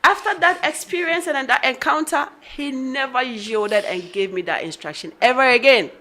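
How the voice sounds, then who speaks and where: A woman's voice: high voice, moderate pace, bright, forceful tone. A middle-aged woman telling a personal story on a radio talk show, animatedly acting out the conversations she recounts. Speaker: guest.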